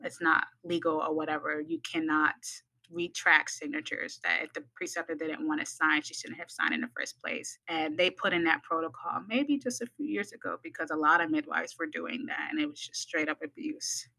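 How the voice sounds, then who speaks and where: A woman's voice: low-pitched, normal speed, gravelly, hardly any pauses, poor audio. A midwifery student, a woman from the United States, telling a personal story in a podcast and acting out the voices of the people in it. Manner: animated, acts out quoted voices.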